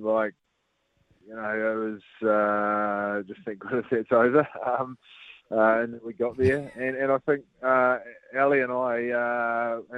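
A middle-aged man, talking in a relaxed, hesitant way with many fillers as a guest on a radio show. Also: medium pitch, dry recording. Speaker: former rugby captain guest. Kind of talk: casual radio interview. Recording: phone line on radio.

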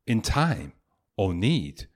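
A man's voice: fairly low pitch, big pitch swings, exaggerated voice. An Englishman putting on a broad Scottish poetry reciter. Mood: mock-solemn. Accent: put-on Scottish. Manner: slow, broad, theatrical declaiming. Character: man doing a hammed-up old Scottish poetry recital.

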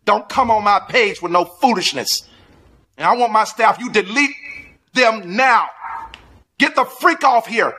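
A preacher man in a fierce, commanding rant, his voice high and sharply bright. He blusters and orders his listeners around. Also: lively intonation, unhurried, pauses often. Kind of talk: angry live-stream rant.

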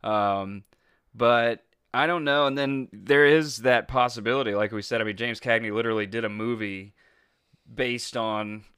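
A man's voice: medium pitch, moderate pace, a bit bright, clear, resonant tone, no echo, studio quality. A man co-hosting a podcast, telling a history story in a casual chat, laughing often and filling with "like". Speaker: podcast co-host.

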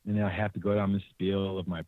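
A young man from California tells stories in a casual, animated way, laughing often and pitching up to quote people. His voice sits low. It comes through a thin, phone-like call line with no room sound. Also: fast talker, no echo. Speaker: podcast guest, hunter. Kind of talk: casual storytelling. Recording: tinny, dry remote call audio.

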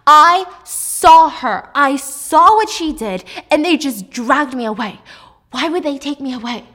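A woman's voice: high voice, normal speed, fairly bright tone, breathy edge. A woman doing a frantic young wife. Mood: distraught pleading. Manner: pleading, distraught. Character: frightened young wife insisting on the truth.

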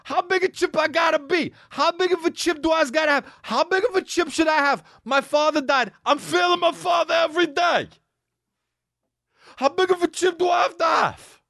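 A man's voice: very high voice, normal speed, dry recording, clean studio sound, voice pushed up, exaggerated voice. A man doing a hotheaded Italian restaurant owner. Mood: indignant. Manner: shouting, indignant, repetitive questions.

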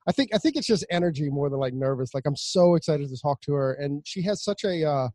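Excitable American man hosting, dry sound. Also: a little high, quick pace, dry recording. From United States. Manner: excitable, hesitant, laid-back slang. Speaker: podcast host. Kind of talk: casual podcast chat.

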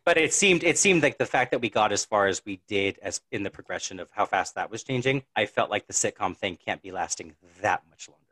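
Fast-talking low-voiced man, chatty. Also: animated, bright, forceful tone, no echo. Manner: rambling, chatty, laughs often. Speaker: podcast co-host. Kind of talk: casual chat.

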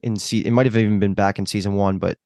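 A man's voice: on the low side, steady tone, fast, mellow, no echo, studio quality. A man co-hosting a show discussion, enthusiastic and full of "like" fillers. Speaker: podcast co-host. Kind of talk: casual chat.

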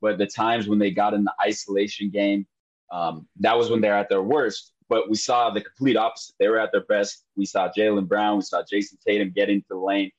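A man with a somewhat low voice talks in a casual sports podcast chat. He is emotional and rambling, stumbling and repeating himself. The sound is dull and lo-fi. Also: little pitch movement, a little fast. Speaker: podcast co-host.

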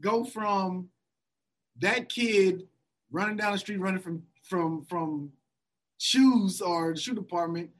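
Male host, husky voice, animated storyteller who laughs through his story. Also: sits high, takes it slowly. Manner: animated storyteller, laughs often, acts out quotes. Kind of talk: casual storytelling chat.

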